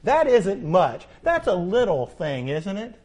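A man preaching a sermon as pastor, asking rhetorical questions, repeating key phrases and reading scripture slowly. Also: high voice, wildly swooping pitch, a little mellow, husky. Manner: quotes scripture slowly and deliberately. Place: church sanctuary.

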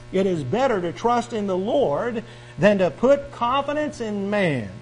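A man's voice: high-pitched, slight background noise, poor audio. A male pastor delivering a sermon, reading scripture aloud and driving points home with a rising and falling preaching cadence and repeated questions.

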